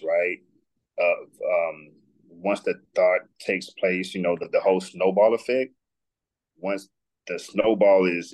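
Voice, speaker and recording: A man's voice: sits low, low-quality recording. A man in casual podcast conversation, speaking reflectively in short remarks.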